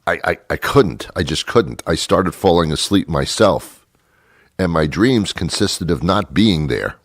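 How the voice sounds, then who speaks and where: A man's voice: deep voice, animated, unhurried, no echo, clean studio sound. A man hosting a talk show, delivering a rambling, exasperated comedic rant with stammering restarts. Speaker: radio show host.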